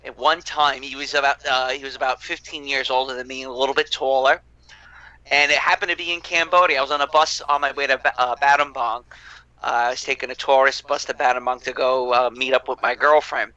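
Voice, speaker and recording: A man hosting a casual podcast chat, who tells stories in an animated way and swears freely. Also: medium pitch, fairly quick, dry recording, lo-fi sound. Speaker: podcast host.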